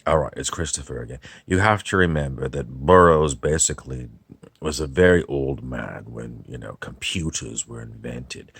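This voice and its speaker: A man putting on a rambling older novelist, halting and apologetic, in a comic impression monologue. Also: rumbling low, fairly bright tone, breathy edge, dry recording, exaggerated voice.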